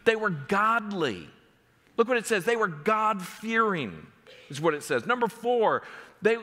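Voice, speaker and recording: A man's voice: high voice, sharp tone, long reverb tail. A man preaching a sermon as pastor, driving home numbered points with rising emphasis. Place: church sanctuary.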